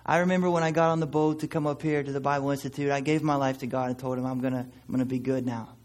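A man voicing a quiet, mumbling young village man with a muffled nasal sound, inside a sermon story. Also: mid-range voice, flat delivery, rapid-fire, close to an everyday voice. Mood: subdued.

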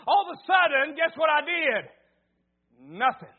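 A man pastor preaching a sermon, stammering through asides and rising to loud exhortation. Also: extremely high pitch, moderate pace. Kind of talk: sermon with personal story. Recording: tinny phone-like recording.

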